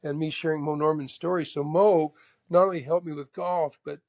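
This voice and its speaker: A man in his sixties from Canada, a guest telling animated anecdotes and acting out both sides of old conversations. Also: on the high side, normal speed, vocal fry. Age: 60s. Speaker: guest, golf professional. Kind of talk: casual storytelling chat.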